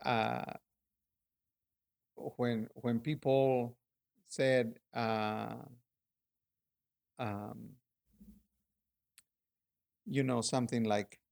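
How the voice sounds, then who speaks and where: Slow, gravelly middle-aged man. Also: mid-range voice, flat delivery, a little mellow. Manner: hesitant, halting with many fillers. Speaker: interviewee. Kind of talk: casual conversation.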